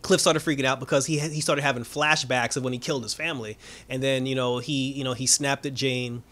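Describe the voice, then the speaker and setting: A man's voice: medium pitch, steady tone, fairly quick, fairly bright tone. A man giving a casual, rambling recap of a TV episode, full of filler words, swearing and frequent laughs. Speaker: TV reviewer.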